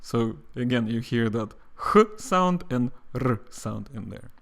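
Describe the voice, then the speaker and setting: A middle-aged man from the Soviet Union with a Russian accent teaches an online language lesson. He explains slowly and models sounds for the listener to repeat. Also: mid-range voice, animated, vocal fry, a bit bright.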